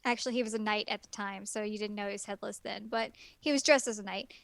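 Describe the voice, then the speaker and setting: A woman's voice: mid-range voice, steady tone, quick pace, vocal fry, a bit bright, dry recording. A woman on a casual podcast, rambling through a plot recap with lots of ums. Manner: rambling plot retelling with many fillers. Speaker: guest reviewer.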